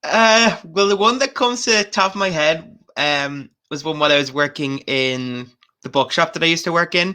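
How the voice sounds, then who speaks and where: A man's voice: a little high, normal speed, sharp tone, clean tone. A man, co-hosting a casual podcast, laughing and prompting the others to tell their stories. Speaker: podcast co-host. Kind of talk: casual chat.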